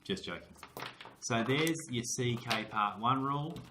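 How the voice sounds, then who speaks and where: A man's voice: mid-range voice, animated, measured pace, noisy background. An Australian man teaching a small-group reading lesson, patient and encouraging, calling his students "mate" as he walks them through spelling rules. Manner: encouraging, patient, matey coaching. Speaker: literacy teacher. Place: classroom. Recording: roomy classroom echo.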